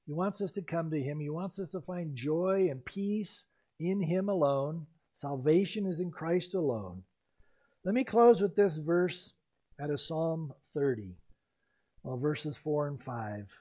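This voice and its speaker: A man preaching a sermon in an expressive way, rising to loud emphasis and dropping to hushed, quiet lines. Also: fairly high pitch, measured pace. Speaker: pastor.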